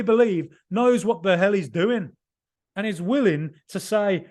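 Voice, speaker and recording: A man hosting a football podcast, giving an excited, emphatic and rambling reaction right after a match. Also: high voice, a little slow. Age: 30s or older.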